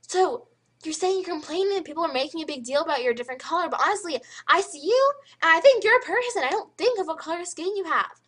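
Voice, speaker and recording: A teenage girl ranting to camera in a vlog, emphatic and animated, with lots of "like" fillers. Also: very high-pitched, fast talker. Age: teens. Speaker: high school student vlogger.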